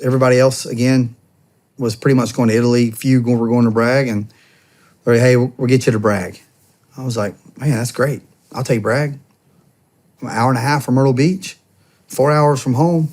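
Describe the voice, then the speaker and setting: A man's voice: mid-range voice, a little mellow. Man telling a rambling army story. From United States. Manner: rambling, heavy on "I'm like" and quoted dialogue. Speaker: podcast guest, former soldier and police officer. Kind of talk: casual storytelling in a long-form interview.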